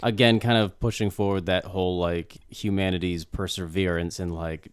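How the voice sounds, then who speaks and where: A man's voice: deep voice, fairly even intonation, moderate pace, smooth, dry recording, clean studio sound. A man co-hosting a podcast, chatting casually and getting emphatic when he argues a point. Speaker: podcast co-host. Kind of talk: casual chat.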